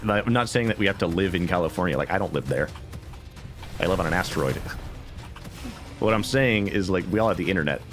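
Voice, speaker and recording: A man streaming a video game who rambles casually in an animated way, full of asides. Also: low voice. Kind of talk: casual gameplay commentary.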